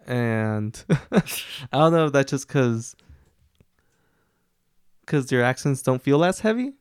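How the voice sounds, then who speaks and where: A laid-back young man co-hosts a casual movie review chat, laughing often and keeping his replies short. His voice is smooth and clear at a medium pitch. The sound is dry and close. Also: sing-song, takes it slowly, no echo. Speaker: podcast co-host.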